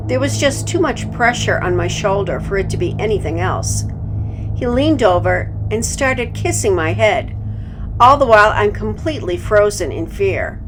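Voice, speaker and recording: A woman narrating a true-life horror story at a calm, measured pace. Her voice sits at an ordinary middle pitch, and she reads steadily as a storyteller. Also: slight background noise.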